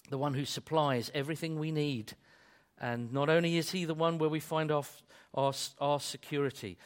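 A man with a slightly raised pitch delivers a sermon, building to loud peaks before easing back to near quiet. He restarts and repeats phrases as he goes. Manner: dynamic preaching, swells loud then drops soft. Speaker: preacher.

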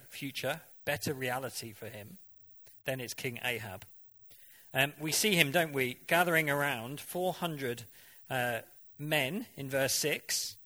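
A man's voice: fairly high pitch, sharp tone. A man preaching a sermon in a conversational way, often asking the congregation questions and now and then mimicking voices for effect.

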